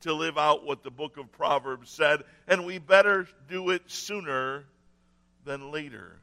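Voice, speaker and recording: A man's voice: on the high side, measured pace, sharp tone. A man preaching a sermon in an earnest way, repeating key phrases for emphasis. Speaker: pastor.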